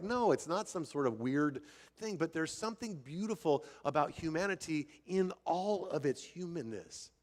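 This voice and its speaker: An older man preaching a sermon in a conversational, animated way, often restarting his sentences. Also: medium pitch. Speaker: pastor. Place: church sanctuary. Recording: long hall reverb.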